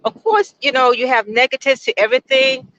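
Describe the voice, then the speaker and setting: A woman in her sixties gives an emphatic, enthusiastic testimonial on a beach. Her voice is high and bright, and it swings widely in pitch. The recording is dull and lo-fi, with faint outdoor noise. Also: very animated, fairly quick. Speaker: guest. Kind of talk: casual testimonial.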